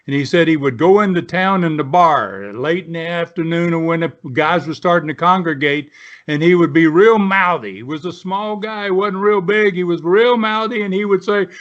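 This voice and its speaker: Older male guest, high-pitched for a man, folksy rambling storyteller, lo-fi sound. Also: normal speed, a bit bright. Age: 70s. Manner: folksy, rambling, frequent "right?" and "you know". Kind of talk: storytelling in an interview. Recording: dull lo-fi.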